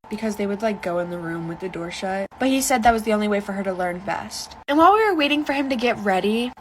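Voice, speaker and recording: A woman's voice: mid-range voice, a little hiss or hum. A woman telling a personal storytime in a confiding, chatty way. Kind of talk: casual storytime.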